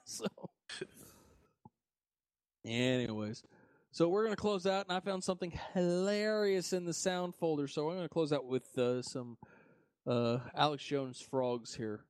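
A man's voice: on the high side, normal speed, darkish tone, no echo. Laid-back male podcast host, dry sound. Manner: rambling, laid-back, swears casually. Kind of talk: casual chat.

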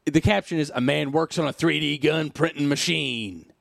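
A man's voice: on the high side, moderate pace, vocal fry, no room sound, studio quality. A man hosting a casual podcast, reading a news article aloud and breaking off for sarcastic remarks and sighs. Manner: sarcastic, wry asides and sighs.

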